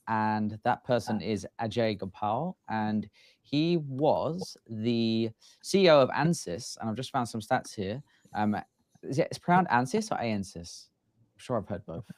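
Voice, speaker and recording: A man's voice: fairly low pitch, darkish tone, dry recording, clean studio sound. A man hosting a podcast, speaking hesitantly with many ums and restarts. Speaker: podcast host. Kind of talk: casual podcast chat.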